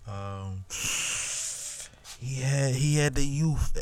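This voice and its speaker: A man's voice: medium pitch, very slow, a little mellow. A man hosting a podcast, talking in a loose, rambling way and leaning on "listen" and "you know what I'm saying". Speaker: podcast host. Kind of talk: casual podcast commentary.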